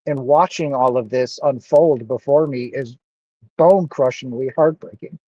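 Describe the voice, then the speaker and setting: A man's voice: mid-range voice, normal speed, warm tone, no room sound, lo-fi sound. A man talking earnestly and emotionally into his camera in a personal monologue, close to tears and repeating himself. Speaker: vlogger.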